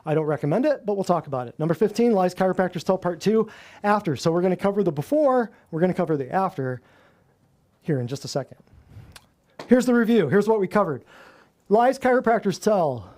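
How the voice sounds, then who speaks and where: A man presenting a class as host, energetic and wry, laughing at the claims he lists. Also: high voice, a little fast. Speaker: chiropractor host of a natural health class.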